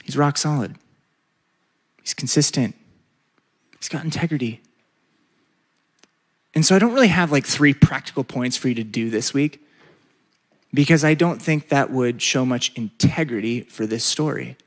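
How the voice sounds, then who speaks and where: A man preaching a sermon, stretching out repeated words for emphasis and leading the congregation in call-and-response. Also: medium pitch. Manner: emphatic, drawn-out repetitions, leads call-and-response. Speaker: pastor.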